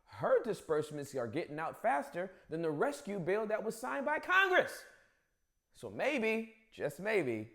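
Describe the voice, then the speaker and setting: A man's voice: high voice, sing-song, normal speed, gravelly, a bit bright. A man hosting a comedic news monologue, emphatic and playful.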